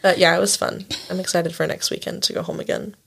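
A woman's voice: on the low side, flat delivery, quick pace, vocal fry, fairly bright tone, slightly rough. A young woman co-hosting a casual chat, telling stories animatedly with lots of fillers and swearing. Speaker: podcast co-host.

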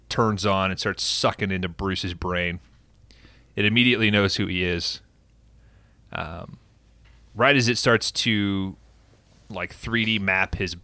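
Male podcast host, low and bright, animated profane storyteller, dry sound. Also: no echo. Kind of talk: casual film recap.

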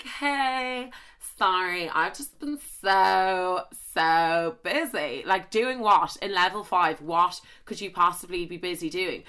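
Bright, rambling young Irish woman. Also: mid-range voice. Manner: animated, rambling, swears freely, many asides. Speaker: podcast host. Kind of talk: casual storytelling chat. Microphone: close studio mic with popping.

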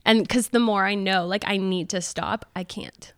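A woman's voice: mid-range voice, steady tone, normal speed, a bit bright, smooth, no room sound, clean studio sound. A woman chatting casually as a podcast guest, giggly and rambling, with lots of "like". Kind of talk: casual chat.

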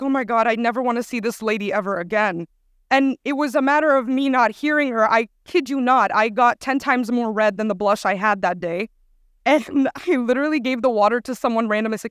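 A young woman preaching to a youth crowd in a chatty, storytelling way, with plenty of filler words. Her voice sits a little high and sounds smooth and clear. The sound is close and dry. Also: no room sound. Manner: chatty, animated, lots of "like". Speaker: guest youth speaker. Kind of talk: casual storytelling sermon.

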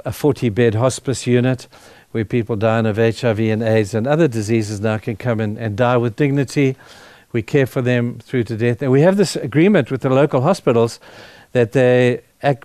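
Here a middle-aged male pastor shares a personal testimony as a sermon, his voice medium in pitch, slightly mellow and clean, recorded without any room sound. Emotional and sincere, he keeps halting and restarting his sentences as he tells the story.

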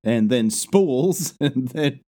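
An easygoing man co-hosts a casual podcast, walking through a cartoon episode. His voice sits at a middle pitch, plain and relaxed. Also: slow pace. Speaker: podcast co-host. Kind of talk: casual episode recap chat.

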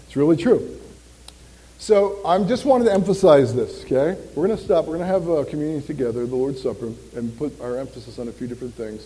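Animated jokey pastor in a reverberant hall. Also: male voice, fairly high pitch, brisk. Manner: animated, jokey, quizzing the congregation. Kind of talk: sermon. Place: church hall. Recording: long reverb of a church hall.

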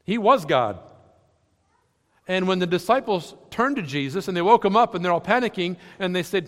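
A man preaching a sermon with a fairly high voice. He swings from loud, emphatic lines down to soft, near-quiet ones, and his words ring out with the long reverb of a large hall. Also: lively intonation, brisk. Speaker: pastor.

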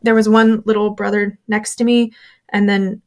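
A woman's voice: medium pitch, level tone, moderate pace, darkish tone. A woman, a former church member, candidly recounting her experiences in a casual interview, with chatty fillers and quoted voices.

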